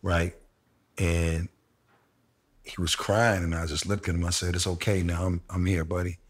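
Middle-aged man, very low and even delivery, reflective casual storyteller. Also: normal speed, husky. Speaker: interviewee sharing a personal story. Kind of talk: candid conversation.

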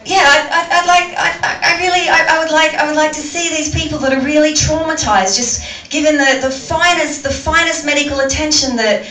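A woman's voice: sits high, fairly even intonation, a little fast, hardly any pauses, sharp tone, echoey room, recorded from a distance, low-quality recording. Stammering Australian woman doing stand-up. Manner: rambling, stammering delivery with frequent restarts. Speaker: stand-up comedian. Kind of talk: stand-up comedy set. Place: comedy venue with audience.

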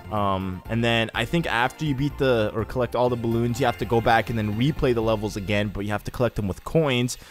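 A young man casually commenting on a racing game as he plays, rambling and chatty with sudden excited bursts. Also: medium pitch, brisk, hardly any pauses. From Egyptian heritage. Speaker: let's play host. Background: faint game music.

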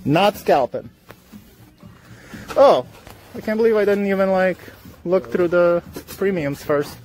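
A man's voice: high-pitched, a little slow, darkish tone, soft background music. A man hosting a toy-hunting vlog, joking and rambling casually as he walks store aisles, filmed on a handheld camera. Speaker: host. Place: big retail store aisle.

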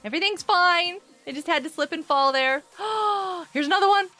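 A woman hosting a casual gameplay live stream. She chats with viewers, greets them by name and breaks into excited outbursts. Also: extremely high pitch, normal speed, soft background music.

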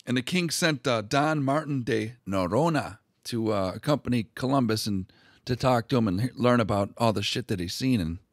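A man's voice: mid-range voice, animated, moderate pace, dry recording, studio quality. Irreverent man retelling history crudely. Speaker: history video host. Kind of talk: casual profane history retelling.

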